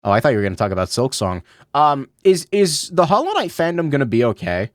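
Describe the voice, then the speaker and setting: A young adult streamer giving excitable let's play commentary, swearing and stammering when flustered. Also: mid-range voice, fast, dry recording, clean studio sound.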